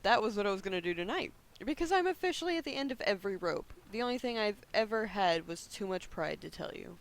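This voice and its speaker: A man reading the lines of a debt-ridden woman near forty, speaking in quiet, defeated confessions. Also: sits high, animated, fast, rough recording. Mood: ashamed.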